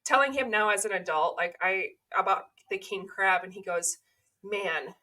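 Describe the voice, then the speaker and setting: Bright, chatty woman podcast host. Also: mid-range voice, normal speed, rough recording. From California. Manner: chatty, storytelling, laughs while telling. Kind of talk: casual conversation.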